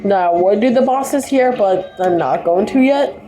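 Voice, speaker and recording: A woman's voice: medium pitch, expressive, normal speed, mellow, soft background music, rough recording. A woman giving casual, offhand commentary while playing a video game. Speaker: gameplay commentator.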